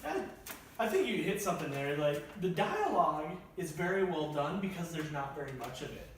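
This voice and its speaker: A man's voice: fairly high pitch, sing-song, a bit bright. Young man talking films in an echoey room. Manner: thoughtful, measured, hams up quotes. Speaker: film reviewer. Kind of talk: casual roundtable chat. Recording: echoey room, distant mic, faint hiss.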